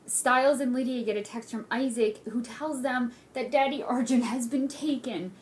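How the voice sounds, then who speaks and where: A young woman casually recapping a TV episode, gushing and excitable, swearing freely. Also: on the high side, moderate pace, a little hiss or hum.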